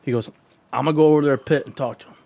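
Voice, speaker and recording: A man's voice: medium pitch, fairly even intonation, very fast, vocal fry, a little mellow. A man co-hosting a casual podcast, telling a profane story and acting out what others said. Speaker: podcast co-host.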